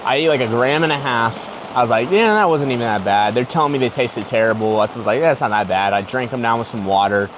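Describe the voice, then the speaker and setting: A man's voice: medium pitch, fast talker, hardly any pauses. A young man telling a personal story in a slangy, rambling way, full of "like" and "bro". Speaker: podcast host. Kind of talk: casual storytelling. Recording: loud rain noise behind the voice. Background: heavy rain.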